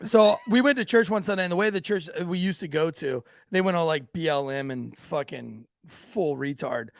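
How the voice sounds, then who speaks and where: A man's voice: a little high, normal speed, creaky, no echo, studio quality. A man hosting a podcast, telling profane, laughing stories from police work and acting out the people in them. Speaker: podcast host, police officer. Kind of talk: casual storytelling banter.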